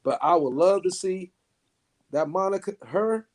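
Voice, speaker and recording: A man co-hosting a podcast, talking in crude, excitable banter, swearing a lot and laughing often. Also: high voice, a little slow. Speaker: podcast co-host.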